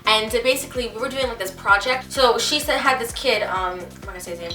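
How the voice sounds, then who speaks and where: A woman's voice: on the high side, pushed and bright, echoey room, distant mic, soft background music. A teenage girl telling a story to the camera in casual vlog chat, chatty and full of filler words. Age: teens. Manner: chatty, quick, lots of filler. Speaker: vlogger.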